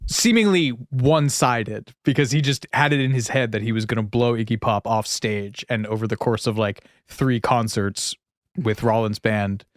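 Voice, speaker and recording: Brief: male podcast co-host, mid pitch, chatty storyteller who laughs a lot, close dry mic. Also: moderate pace, no echo. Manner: chatty, laughs often, slips into playful voices. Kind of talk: casual chat.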